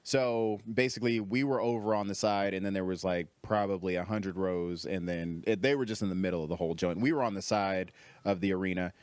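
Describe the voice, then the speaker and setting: A young man, a comedian guest, telling a story in casual, animated chat, swearing freely and jumping up in pitch when he quotes people. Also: a little fast, clean tone, no echo.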